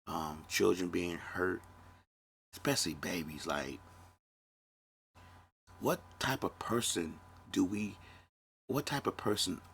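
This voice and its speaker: A man's voice: low voice, vocal fry, a bit bright, a little hiss or hum. A man, hosting a solo podcast and talking candidly and reflectively, with a dry throat and moments where he grows emotional. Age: 50s. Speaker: podcast host.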